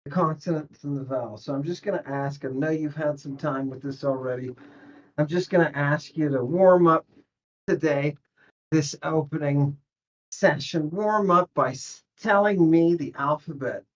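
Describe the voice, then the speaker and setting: A woman's voice: deep voice, normal speed. Woman tutoring over a muffled video call. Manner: encouraging, emphatic. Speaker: language teacher. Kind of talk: online tutoring session.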